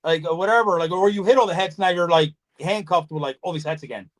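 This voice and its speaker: A man hosting a casual podcast chat, telling animated stories, swearing freely and acting out conversations. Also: high voice, fast talker. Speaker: podcast host, snake breeder.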